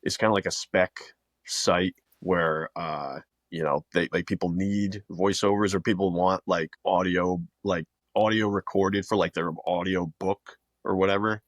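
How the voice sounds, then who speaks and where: A man with a very deep voice talks on a podcast. He rambles in a relaxed way, looping back and hunting for the right word. He is recorded dry and close. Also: a little slow, no echo. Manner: relaxed, rambling, many restarts and fillers. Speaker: podcast co-host, video producer. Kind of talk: casual podcast chat.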